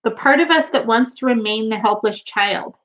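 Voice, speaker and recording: A woman's voice: a little high, moderate pace, a bit bright, lo-fi sound. Giggly woman chatting on a home live stream. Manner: giggly, chatty, laughs often. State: runny nose. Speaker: tarot livestream host. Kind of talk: casual live-stream chat, reading viewer comments.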